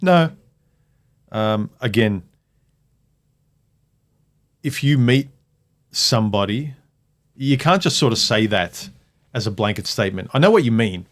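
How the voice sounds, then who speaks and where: A man's voice: medium pitch, lively intonation, a little slow, pauses often. A man hosting a casual livestream chat, reading viewer comments aloud and reacting to them. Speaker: livestream host.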